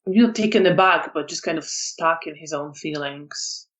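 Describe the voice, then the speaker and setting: A storyteller narrating a tabletop vampire game in a hesitant, softly descriptive way. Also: medium pitch, moderate pace.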